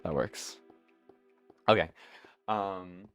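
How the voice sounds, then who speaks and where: A man's voice: low voice, extremely slow, fairly bright tone, soft background music. A young man hosting a let's play, rambling through casual gameplay commentary, restarting sentences and swearing offhandedly. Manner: meandering, self-interrupting, swears casually. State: hiccuping.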